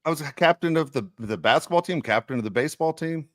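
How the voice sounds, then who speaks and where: A man's voice: fairly high pitch, expressive, fast talker, fairly bright tone, no room sound, clean studio sound. An older man co-hosting a podcast, telling rambling, self-mocking jokes in casual chat. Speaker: podcast co-host.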